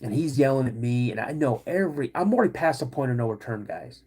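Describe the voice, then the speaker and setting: A man hosting a podcast, telling a personal story to his listeners in a casual, animated way and acting out the dialogue. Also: medium pitch, quick pace, breathy edge. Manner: animated, acts out quoted dialogue. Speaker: podcast host.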